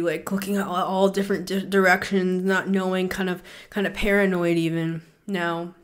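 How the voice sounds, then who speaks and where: A woman hosting a spiritual reading show, talking earnestly to listeners and repeating words for emphasis, a little out of breath. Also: lowish voice. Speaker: spiritual reader, show host. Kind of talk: intuitive reading monologue.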